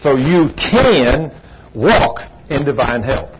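A man preaching a sermon in a conversational, animated way, rising high for emphasis. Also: takes it slowly. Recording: muffled lo-fi recording with background noise.

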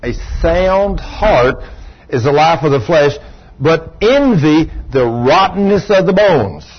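An older man delivers an animated sermon, slipping into voices as he tells his stories. His voice sits a little high and has a husky edge. The recording sounds dull and lo-fi. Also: a little slow. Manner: animated storytelling, acting out voices. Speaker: pastor.

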